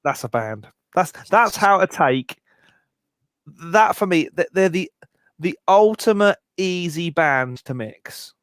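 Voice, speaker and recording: A man's voice: high-pitched, lively intonation, a bit bright, dry recording. Chatty man, dry close sound. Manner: jokey, talks in bursts with quick restarts. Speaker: co-host of a live music Q&A stream. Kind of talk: casual live-stream chat.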